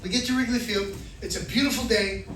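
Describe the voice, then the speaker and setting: A middle-aged man from Florida doing an animated stand-up set, acting out voices and shouting punchlines. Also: high-pitched, quick pace, slight background noise. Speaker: stand-up comedian. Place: comedy club stage. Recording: echoey club recording from far off, crowd laughter. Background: audience laughter.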